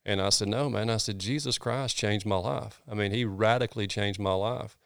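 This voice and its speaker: Earnest Southern pastor telling stories. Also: male voice, fairly low pitch, normal speed, gravelly, no room sound, clean studio sound. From North Georgia, US. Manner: earnest, animated storyteller with folksy sayings. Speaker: pastor, guest. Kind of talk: casual storytelling interview.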